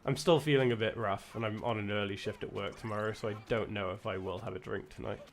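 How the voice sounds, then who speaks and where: A man's voice: lowish voice, fairly even intonation, fast talker, gravelly. A young man with a British accent chatting casually while streaming a game, rambling with lots of restarts and self-corrections. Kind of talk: casual chat while gaming.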